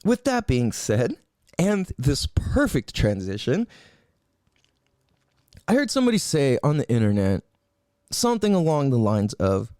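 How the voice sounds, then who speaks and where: A man's voice: mid-range voice, unhurried, long pauses, no room sound, studio quality. A man hosting a solo podcast, ranting in a profane, rambling way with lots of emphatic rhetorical questions. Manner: profane, animated, rambling rant. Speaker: podcast host.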